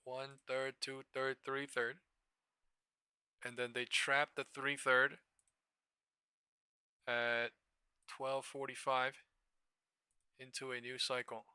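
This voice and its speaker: Guy live-streaming trades, swears a lot, super bright tense voice, dry close mic. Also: mid-range voice, slow, pauses often, smooth, no echo. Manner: excitable, profane, thinks aloud over charts. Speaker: live stock trading streamer. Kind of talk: casual live-stream commentary.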